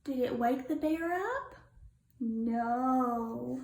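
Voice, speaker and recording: A woman teacher reading a picture book aloud to children in an animated storyteller way, asking them questions along the way. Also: sits high. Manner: animated storyteller, asks children questions, stretches lines slowly. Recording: roomy echo.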